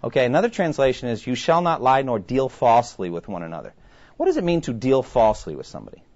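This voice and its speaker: A man preaching a sermon in an easy, conversational manner, often turning to his listeners with questions. His voice sits at an ordinary middle pitch. The recording sounds a little dull and muffled. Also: huge pitch swings, quick pace, darkish tone.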